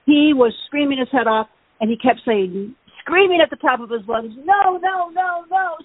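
A woman co-hosting a pet podcast, telling a funny story in a casual, animated way and laughing often. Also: on the high side, normal speed, no room sound. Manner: animated, laughing, acts out voices in her stories. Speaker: podcast co-host. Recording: phone-like, narrow band.

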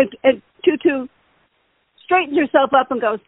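Woman co-host, chatty storyteller, husky, dry and tinny sound. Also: high voice, a little fast, no echo. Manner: animated, laughing, acts out voices in her stories. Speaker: podcast co-host. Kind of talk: casual storytelling chat. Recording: phone-like, narrow band.

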